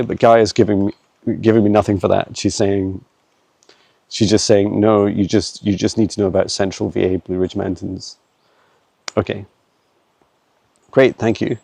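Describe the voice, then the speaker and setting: A man, talking haltingly with many fillers as he channels answers while walking his dog in the woods, filmed on a handheld phone. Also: on the low side, creaky, mellow, no echo. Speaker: psychic channeler. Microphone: handheld phone camera.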